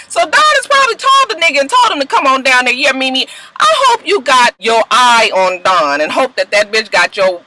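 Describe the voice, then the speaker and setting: A woman's voice: mid-range voice, background noise. Sassy woman recapping reality tv, cussing a lot, voice jumping up and down all over the place. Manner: animated, sassy, swears freely, laughs between remarks. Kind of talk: casual profane recap commentary.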